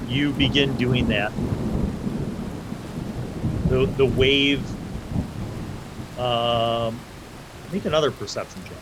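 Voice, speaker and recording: A man's voice: mid-range voice, slow pace, long pauses, very noisy. A man narrating a tabletop game as game master, with loose, vivid descriptions that act out side characters.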